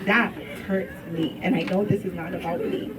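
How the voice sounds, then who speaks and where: A woman's voice: mid-range voice, normal speed. A woman giving a heartfelt toast to her brother, tender and earnest. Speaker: sister giving a farewell toast. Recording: distant mic with party crowd.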